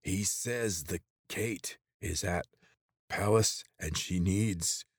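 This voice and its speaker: A man voicing an old male lizard watcher who speaks slowly in a croaking, halting way. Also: low-pitched, no echo, studio quality, heavily acted. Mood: stern, weakening.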